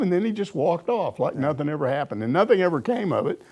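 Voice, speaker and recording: An older male sports reporter with a fairly high voice talks fast while answering questions in a relaxed chat. He's an animated storyteller, laughing his way through anecdotes.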